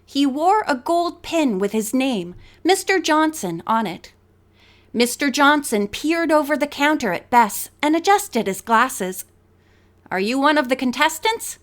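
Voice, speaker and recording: A woman narrating an audiobook with a measured, expressive reading. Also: sits high.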